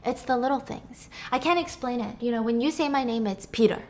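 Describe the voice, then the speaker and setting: Woman playing a young boyfriend, awkward, hesitant, soft. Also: fairly high pitch, brisk, natural voice. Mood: sheepish.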